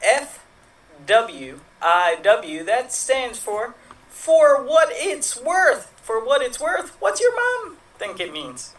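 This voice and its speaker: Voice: medium pitch, sing-song, slow, distant mic. An improv show host running a live-streamed game, upbeat and chatty, laughing easily.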